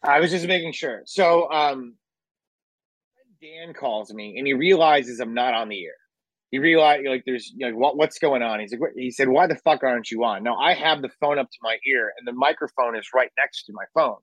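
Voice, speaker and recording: A man recounts a story in an animated, chatty way, acting out each quote and swearing casually. His voice sits at a middle pitch. The sound is close and dry, with no room echo. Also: moderate pace. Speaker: radio host telling a story.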